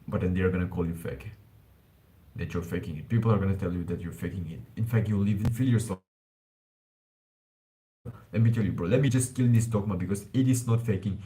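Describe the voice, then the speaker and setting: A man's voice: low-pitched, brisk, long pauses, warm tone, poor audio. A man streaming live about self-improvement, talking in a loose, rambling way, calling listeners bro and swearing now and then. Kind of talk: casual live-stream talk.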